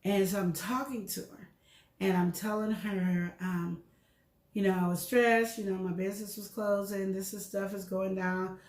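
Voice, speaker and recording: At a medium pitch and moderate pace, a middle-aged co-host opens up about her health in a casual show chat. She's an animated storyteller who performs the dialogue, and the audio sounds roomy.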